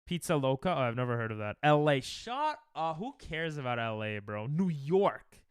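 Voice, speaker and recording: Fast and expressive, a young American with a medium-pitched, smooth voice streams a geography guessing game. He thinks through guesses out loud and trash-talks his chat in casual banter, recorded dry in a clean studio.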